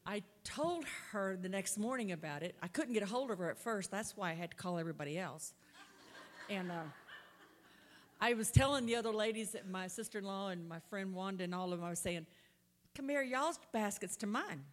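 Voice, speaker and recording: A woman's voice: mid-range voice, brisk. Folksy woman in an echoey hall. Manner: folksy, laughing storyteller. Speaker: conference speaker. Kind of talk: testimony and church talk. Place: large conference hall.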